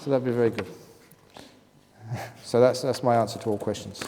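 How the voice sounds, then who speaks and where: A man's voice: medium pitch, fairly even intonation, a little fast, long pauses, warm tone. A man, a Buddhist monk teacher, answers retreat questions in a humorous talk, reading written questions aloud and chuckling often. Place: retreat meditation hall. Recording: reverberant hall with faint noise.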